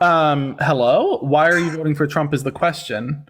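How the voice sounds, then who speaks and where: A man's voice: a little high, moderate pace, fairly bright tone. A man hosting a livestream debate, talking casually with a sarcastic, incredulous edge.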